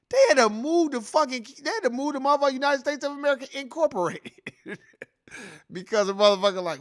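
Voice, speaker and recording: Heated and profane, a man rants through a reaction commentary at a fast clip, his high, lively voice leaping up and down. It's casual ranting, and he keeps circling back to the same points.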